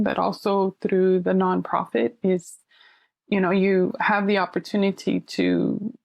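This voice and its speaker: A middle-aged woman, a counselor, telling stories in casual conversation and acting out quoted voices with lively animation. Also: mid-range voice, vocal fry, no room sound. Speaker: counselor sharing her story. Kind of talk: conversational storytelling.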